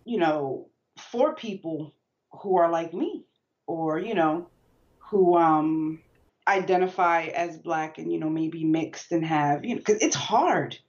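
A woman guest in a casual interview, relaxed and easygoing, with lots of "you know" and "like.". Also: low-pitched, slow pace, highs cut off. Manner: relaxed, easygoing, with frequent fillers. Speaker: guest, yarn-dyeing business owner.

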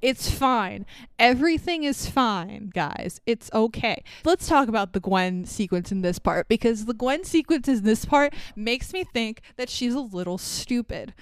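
A woman's voice: fairly high pitch, animated, unhurried, clear, resonant tone, no room sound. A young woman co-hosting a podcast, recapping a movie in sarcastic, profane casual chat with frequent laughter. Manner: sarcastic, swearing, laughs often. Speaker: podcast co-host.

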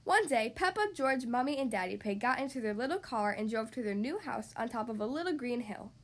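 A woman hosting a podcast, reading a children's story aloud in a cheerful, expressive way. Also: a little high, a little fast.

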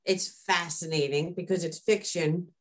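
A woman in casual conversation, telling personal stories in a chatty, animated way. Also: on the low side, unhurried. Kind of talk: casual chat.

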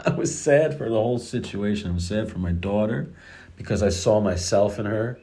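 A man's voice: fairly low pitch, normal speed, warm tone. A middle-aged man casually telling a personal story about his daughters, rambling with many restarts and the odd curse.

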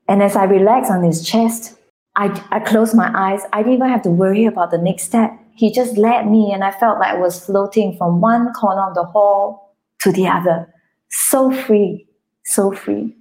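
A woman's voice: medium pitch, moderate pace, a little mellow. A woman guest author speaking earnestly and from the heart in an interview, with some restarts. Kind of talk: interview, personal testimony.

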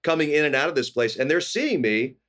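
Animated storytelling man, middle-aged. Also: on the high side, fairly quick. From California. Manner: animated anecdotes with quoted voices. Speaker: guest actor. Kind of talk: casual storytelling.

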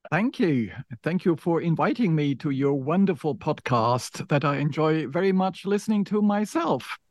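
Man guest, non-native English accent, slightly high voice, slow and halting delivery, dry sound. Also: animated, no room sound. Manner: halting, thoughtful, pauses often to search for words. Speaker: guest author, professor of religion. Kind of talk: podcast interview.

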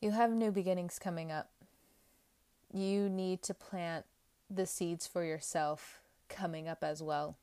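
A young woman reads tarot for her viewers in a casual, rambling way, speaking candidly and leaning hard on her points. Her voice sits on the low side and comes across smooth and clear. The sound is close and dry. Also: fairly even intonation, measured pace, dark tone, dry recording. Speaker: tarot reader.

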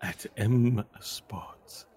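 A man's voice: lowish voice, drawn-out words, darkish tone, husky, heavily acted. Man playing a smug halfling rival. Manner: smug, condescending. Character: smug male halfling competitor.

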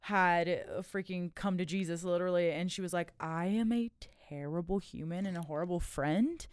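Woman, young adult, podcast guest, candid rambling storyteller, lowish voice, dry close sound. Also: moderate pace, clear, resonant tone, no room sound. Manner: candid storytelling with frequent "like" and laughs. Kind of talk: casual podcast chat.

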